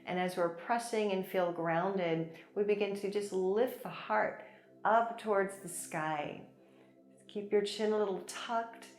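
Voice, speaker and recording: A woman teaching a chair yoga class, gently guiding breaths and movements with encouragement and light laughs. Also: mid-range voice, a little slow. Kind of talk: guided yoga class instruction. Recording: echoey room with soft music. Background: soft background music.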